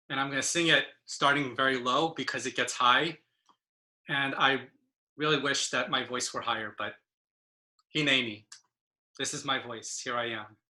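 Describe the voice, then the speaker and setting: Woman poet, spoken-word reading over a video call, impassioned and emphatic, bright voice, unhurried. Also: very deep voice. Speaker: poet and presenter.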